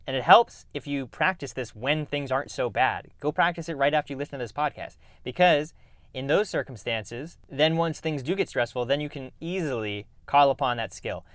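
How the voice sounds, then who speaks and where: A man's voice: mid-range voice, a bit bright, clear, resonant tone, dry recording. A man hosting a podcast, talking earnestly and reflectively about handling stress, with restarts and sighs. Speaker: podcast host. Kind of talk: casual self-help talk.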